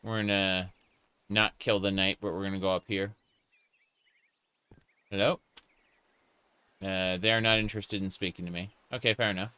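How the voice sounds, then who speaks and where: A man's voice: low voice, level tone, normal speed, long pauses, pushed and bright, clean tone. A man casually commenting on his game as he plays, reading chat aloud and joking along. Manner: playful, reads chat aloud and jokes in character. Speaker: gaming streamer. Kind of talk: casual live gameplay commentary.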